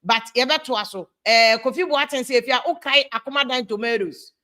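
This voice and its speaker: A woman with a Ghanaian accent hosting a live stream, reading out viewer comments in an animated, exasperated way and switching freely between English and Twi. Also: high-pitched, fairly quick.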